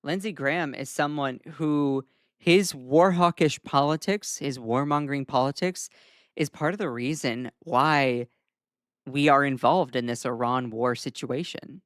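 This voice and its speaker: A host with a Southern US accent runs a casual livestream of news commentary, speaking loosely with lots of "um" fillers and wry asides. His medium-pitched voice is unhurried and clean, captured with clean studio sound and no echo.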